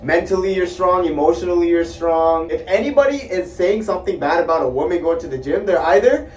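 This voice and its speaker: A man talks loosely and casually, leaning on fillers like "you know". His voice is fairly high. He sounds echoey and distant, with faint noise behind him. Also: a little fast. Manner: relaxed, loose, filler-heavy talk. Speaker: personal trainer, guest. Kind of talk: casual conversation. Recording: echoey room, far from mic, faint noise.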